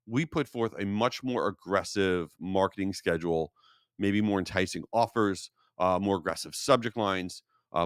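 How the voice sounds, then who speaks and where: Lively New York man hosting a podcast. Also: lowish voice, dry recording, clean studio sound. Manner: animated, jokey, conversational. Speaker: podcast host. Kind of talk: casual solo podcast Q&A.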